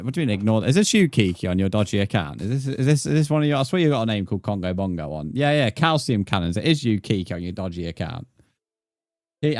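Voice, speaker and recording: A man's voice: medium pitch, darkish tone, dry recording, studio quality. A young British man live-streaming a game, chatting to viewers with blunt, sweary, mock-outraged banter. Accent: British English. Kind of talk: live-stream gameplay chat.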